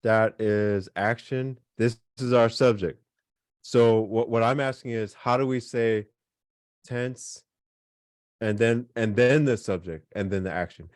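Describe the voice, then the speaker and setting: A man's voice: lowish voice, unhurried, darkish tone, no room sound, studio quality. A man teaching a beginners' language class, explaining casually with lots of fillers and repeated examples. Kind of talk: online class lesson.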